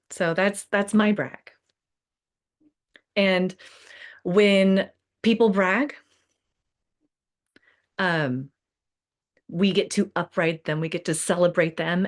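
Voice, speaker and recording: A middle-aged woman hosting a casual podcast conversation, chatty and laughing often, full of fillers. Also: lowish voice. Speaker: podcast host.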